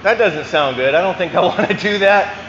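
A preacher doing a whiny meek hunter. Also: male voice, high-pitched, brisk, a bit bright, roomy sound, big-room sound, highs cut off, a little hiss or hum. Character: whiny out-of-state male duck hunter, meek.

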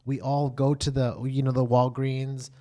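A man's voice: medium pitch, measured pace. Chatty man co-hosting. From US South. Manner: chatty, animated, laughs easily. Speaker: podcast co-host. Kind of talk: casual chat.

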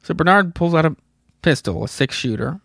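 A man's voice: fairly high pitch, lively intonation, brisk, vocal fry, fairly bright tone, husky, no room sound, clean studio sound. A man in his thirties hosting a podcast, casually retelling a comic story with rambling, profane asides and chuckles. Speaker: podcast host. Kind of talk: casual comic book recap.

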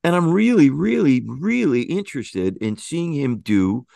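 A man's voice: a little high, expressive, a little slow, gravelly, dark tone, dry recording. A man co-hosting a podcast, talking in a musing, hesitant way with many fillers. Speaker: podcast co-host. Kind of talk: conversational chat.

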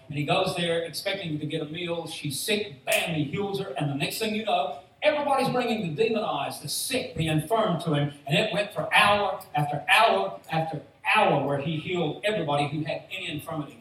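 A man preaches to a congregation in a lively, storytelling way, acting out the people in his stories. His voice sits a little high for a man. The sound comes from a distant mic in a very echoey hall, with faint noise underneath. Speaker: pastor. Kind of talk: sermon. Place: church hall.

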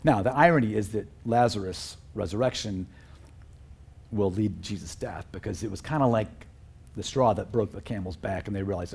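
A man's voice: fairly low pitch, lively intonation, brisk, darkish tone, husky. A man preaching a sermon as a pastor, talking in a conversational, earnest way with fillers and chuckles.

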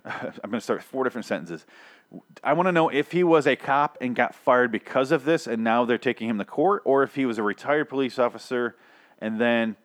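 A man hosting a casual comedic rant, sarcastic and exasperated, swearing often. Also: medium pitch.

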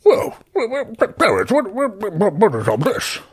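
A flustered young man stumbling over his words, his voice shooting up in pitch as he rambles on, put on by a man. He talks in nervous, excited bursts, as in a tabletop role-play. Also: normal speed. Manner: stammering, high-pitched outbursts.

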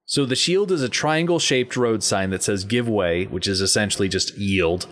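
A man co-hosting a podcast, telling a movie scene in a playful, animated way. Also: on the low side, moderate pace. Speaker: podcast co-host. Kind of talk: casual movie commentary.

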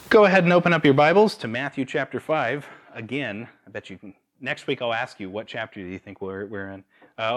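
Male preacher, young adult, chatty sermon, restarts and fillers, mid-pitched voice. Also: fairly bright tone. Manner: conversational with fillers and restarts, laughs at own stories.

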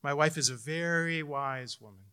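A middle-aged man preaching a sermon as pastor, telling a personal story and swinging between loud emphasis and hushed, intimate moments. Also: fairly high pitch, normal speed, smooth.

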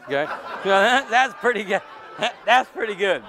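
A man's voice: high voice, animated, normal speed, a crowd in the background, noisy background. A middle-aged man preaching to his congregation in a conversational, joking way, with stammered restarts. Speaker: pastor. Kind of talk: sermon.

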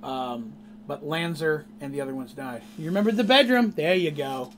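A man recaps a tabletop adventure he ran, rambling and animated as he tells it. His voice sits somewhat high, with a faint hum under the recording. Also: normal speed. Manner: animated, rambling, laughs at his own story. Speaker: game master. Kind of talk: casual storytelling recap of a tabletop game.

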